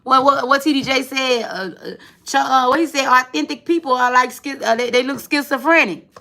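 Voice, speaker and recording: A woman's voice: high voice, brisk, gravelly, sharp tone. A woman giving a tarot reading in casual, chatty talk, swearing freely and calling the viewer friend. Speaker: tarot reader.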